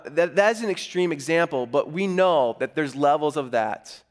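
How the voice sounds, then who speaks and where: A middle-aged man preaching a sermon as pastor, earnest and conversational, telling stories with lively asides. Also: fairly high pitch.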